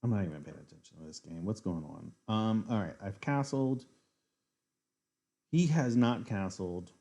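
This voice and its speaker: A man's voice: on the low side, lively intonation, moderate pace, warm tone. A man streaming a live chess game, thinking aloud as he weighs his moves, muttering and correcting himself as he goes. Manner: muttering, self-correcting, analytical.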